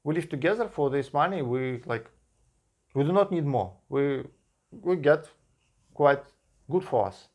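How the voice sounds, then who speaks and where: A man from Russia with a Russian accent, a native Russian speaker talking in English in a casual vlog, pausing and restarting often with simple grammar. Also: a little high, lively intonation, darkish tone. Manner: halting speech with frequent restarts and simple grammar. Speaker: vlogger.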